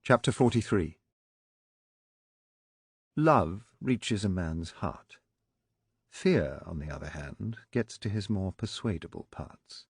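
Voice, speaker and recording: A man narrating a political thriller audiobook in a measured, even storytelling manner. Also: low voice, breathy edge, no room sound, studio quality. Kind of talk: scripted narration.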